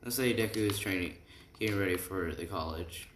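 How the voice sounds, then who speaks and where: A man's voice: deep voice, a little fast, a bit bright, slight background noise. A young man casually telling an improvised fan story, rambling loosely and checking in with "right?" often. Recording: echoey room, faint keyboard typing.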